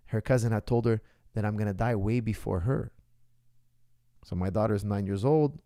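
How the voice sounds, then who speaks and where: A man's voice: fairly low pitch, normal speed, long pauses, warm tone, no echo, studio quality. A man in his forties, a martial arts coach, answering viewer questions in an emphatic way and often checking in with "okay?". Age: 40s.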